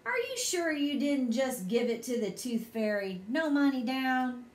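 A woman voicing an ornery farm boy who speaks calmly and matter-of-factly. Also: sits high, a little slow. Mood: smug. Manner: calm, matter-of-fact. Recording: echoey room.

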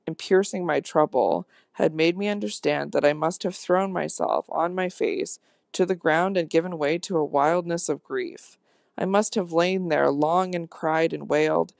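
An audiobook narrator reading a classic novel aloud in a measured, intense first-person manner. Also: mid-range voice, creaky, a little mellow, no room sound, clean studio sound.

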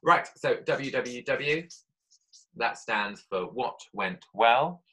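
A man's voice: medium pitch, expressive, slow pace, sharp tone, slightly rough. A man teaching a children's writing lesson from home, thinking aloud as he drafts and chatting to pupils. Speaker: primary school teacher.

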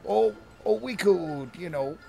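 A streamer rambles and stammers through casual, joking commentary while he plays a game, speaking slowly but animatedly. His voice is fairly high and strongly gravelly, with faint music running underneath.

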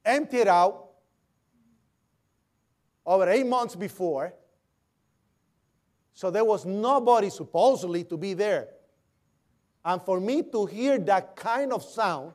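High-voiced man telling his eyewitness story. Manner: vivid storytelling, imitating sounds and voices. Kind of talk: recounting a personal account.

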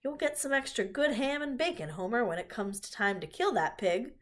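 A woman voicing a cheerful grown farmer who speaks emphatically, with a husky tone. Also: fairly high pitch, expressive, a little fast, voice pushed up, natural voice. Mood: admiring.

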